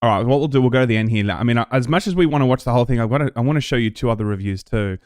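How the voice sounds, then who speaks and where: A man's voice: medium pitch, rapid-fire, darkish tone, no room sound, clean studio sound. A man from Australia hosting a live stream, chatting casually to his viewers with lots of fillers and restarts.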